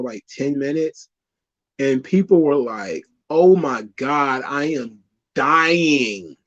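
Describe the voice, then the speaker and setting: A man's voice: a little high, lo-fi sound. A man hosting a casual talk show, rambling and cursing, laughing often as he tells stories. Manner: rambling, profane, laughs a lot. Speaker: podcast host. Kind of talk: casual wrestling commentary.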